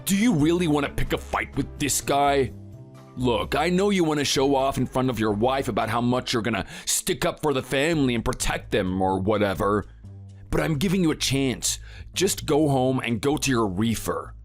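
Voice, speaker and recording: A boastful muscle-bound bully, voiced by a man in a texting story. He taunts and sneers in a lively, rising and falling voice. Faint music plays under the read. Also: mid-range voice, normal speed, close to an everyday voice. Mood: taunting. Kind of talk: text-to-speech texting story.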